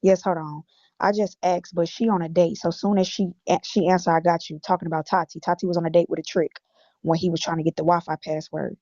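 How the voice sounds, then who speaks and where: A woman's voice: lowish voice, level tone, fast talker, warm tone, dry recording. A woman from Illinois bluntly reading her text messages aloud on a stream, with a lot of profanity. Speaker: guest recounting text messages. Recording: dull lo-fi audio.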